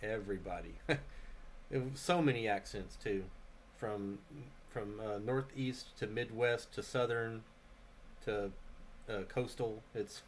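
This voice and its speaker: A man's voice: lowish voice, slow pace, slight background noise. A man from the United States hosting a live game stream in casual chat, reading out viewer questions and talking through what he does. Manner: relaxed, chatty, reads out viewer questions, narrates actions. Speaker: streamer host.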